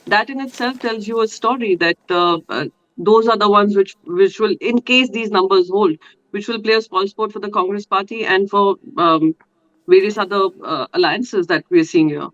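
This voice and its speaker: A woman's voice: medium pitch, normal speed, fairly bright tone, dull audio. An Indian woman, a politician speaking as a guest in a televised debate, insistent and full of fillers and restarts.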